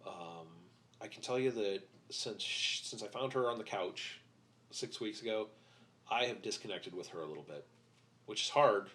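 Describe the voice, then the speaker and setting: A middle-aged man speaking candidly as a podcast guest, halting with many fillers and restarts, blunt and a little profane. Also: lowish voice, a bit bright. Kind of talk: candid interview talk.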